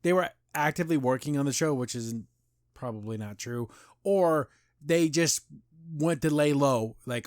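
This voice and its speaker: A young American man who grew up in Las Vegas hosts a podcast, delivering a casual, opinionated review that rambles with frequent restarts, repeated words, and a sarcastic edge. His voice sits at medium pitch with a darkish tone and a normal pace. The recording is dry and studio quality.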